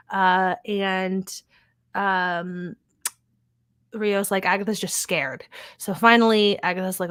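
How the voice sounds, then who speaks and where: A woman's voice: medium pitch, steady tone, fairly bright tone, clear, resonant tone, no echo. Woman just chatting through an episode recap, swears a lot, dry close sound. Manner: chatty, swears casually, acts out characters' lines in quick paraphrase. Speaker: podcast host recapping a TV episode. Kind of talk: casual recap chat.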